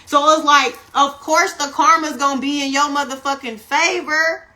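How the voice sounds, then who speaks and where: A woman giving a casual spiritual tarot reading on a phone live stream, animated and profane, who keeps checking in with her listeners. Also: high voice, moderate pace. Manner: animated, profane, keeps asking "you see what I'm saying". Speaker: tarot reader.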